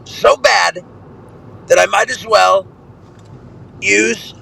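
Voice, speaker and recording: A man sends a voice message in which he mockingly impersonates a brash, boastful male president, bragging and saying the same things over and over. He speaks extremely slowly in a high, sharp, gravelly voice, heavily acted, on a rough recording.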